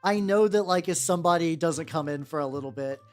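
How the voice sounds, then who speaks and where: Painting miniatures on stream, this speaker talks a little fast in a medium-pitched voice, chatting casually and rambling with frequent "like" fillers and restarts while responding to chat.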